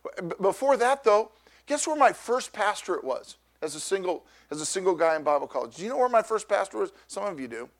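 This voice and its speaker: High-voiced man telling a sermon story. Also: fairly quick. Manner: loud, animated storytelling with repeated restarts. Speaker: pastor.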